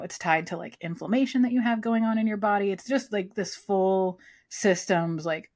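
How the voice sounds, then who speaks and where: Woman cohost chatting casual on a podcast, lots of likes and ums. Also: fairly low pitch. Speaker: podcast co-host. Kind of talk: casual chat.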